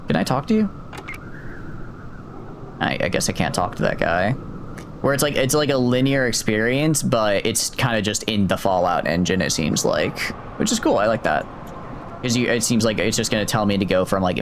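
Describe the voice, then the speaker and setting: A man's voice: fairly low pitch, slight background noise. A man streaming a game, chatting casually and thinking aloud in a rambling way with lots of fillers. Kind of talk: casual gameplay commentary.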